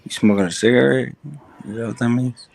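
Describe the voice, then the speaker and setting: A man's voice: mid-range voice, steady tone, brisk, creaky, darkish tone. A man streaming live, making wry, mocking asides to his chat about a panel he is watching.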